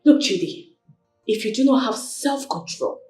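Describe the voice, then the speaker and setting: A woman's voice: a little high, expressive, a little slow, a little mellow, echoey room, soft background music. An actress playing a young widowed queen who pleads tearfully and snaps back in anger. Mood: angry defiant. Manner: tearful, pleading, then sharply angry. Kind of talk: Nollywood film acting.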